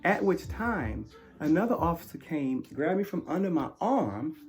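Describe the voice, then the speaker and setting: Man, personal account, halting and filler-heavy, lively pitch, faint music bed. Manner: halting, many fillers, swings from low murmurs to loud outbursts. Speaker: interviewee recounting arrest.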